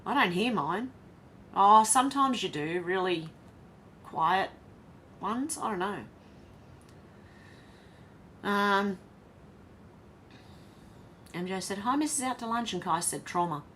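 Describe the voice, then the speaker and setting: Speaking slowly with long pauses, the Australian host of this casual livestream has a medium-pitched, fairly bright voice. She reads out viewers' comments and responds in between, and a little hiss or hum is audible.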